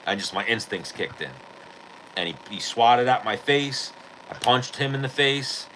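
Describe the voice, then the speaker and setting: Forceful low-voiced man telling a fight story. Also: slight background noise, poor audio. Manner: profane, animated retelling of a street fight. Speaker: podcast host. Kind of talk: casual storytelling.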